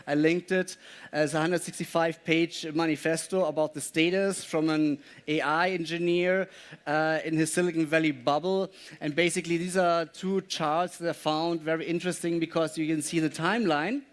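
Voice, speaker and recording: A man gives a live presentation, walking his audience through slides. His voice sits a little high and comes across smooth and clear, and he pauses often as he explains and invites questions.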